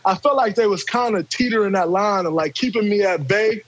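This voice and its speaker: Podcast guest, male, from Michigan, animated and foul-mouthed storyteller, raised pitch, husky edge. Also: a little fast, no echo, low-quality recording. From Michigan, USA. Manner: profane, animated storyteller who acts out quotes. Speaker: guest telling his story. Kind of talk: casual podcast chat.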